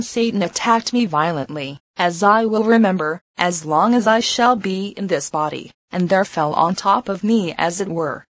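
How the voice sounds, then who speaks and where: A woman reading a religious text aloud in a measured, solemn narration. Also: lowish voice, no echo, low-quality recording. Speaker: reader.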